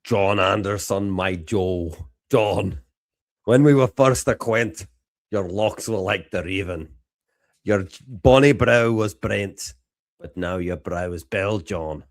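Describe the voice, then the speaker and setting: A man's voice: lowish voice, slow, no room sound, studio quality. A man putting on a Scottish accent to recite an old Scots poem, in a mock-solemn way with the accent wobbling. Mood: reciting. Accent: put-on Scottish.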